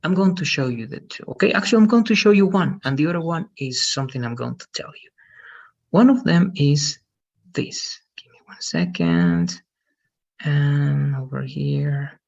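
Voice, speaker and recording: A man's voice: fairly high pitch, very animated, moderate pace, gravelly, darkish tone, muffled recording. A male English teacher, patiently explaining word stress in an online lesson and checking understanding often.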